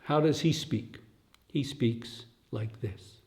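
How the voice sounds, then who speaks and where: Speaking at a medium pitch, an older dharma teacher leads a retreat talk slowly and reflectively. "Huh?" tags many of his lines, and he sometimes drops to near-whispered, soft asides.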